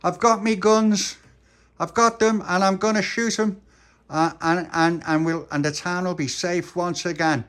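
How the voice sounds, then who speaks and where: Man voicing a little cowboy boy, earnest, stammering, a bit higher. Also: fairly even intonation, unhurried, a bit bright. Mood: brave. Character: brave little boy playing a cowboy hero.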